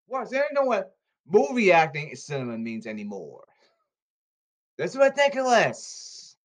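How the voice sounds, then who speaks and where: Animated man ranting on a podcast. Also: a little fast. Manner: animated, erratic pitch leaps and volume swings; repetitive, exasperated ranting. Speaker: podcast host.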